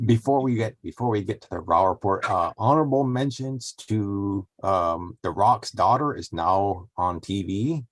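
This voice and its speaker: A man co-hosting a podcast, giving wrestling reports in a laid-back, halting way. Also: fairly low pitch, no echo. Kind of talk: casual wrestling podcast chat.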